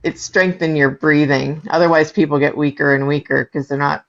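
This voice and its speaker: A woman's voice: deep voice, steady tone, moderate pace, gravelly, muffled recording. A woman chatting casually on a livestream, telling stories in an easygoing, matter-of-fact way. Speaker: livestream co-host. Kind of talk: casual chat.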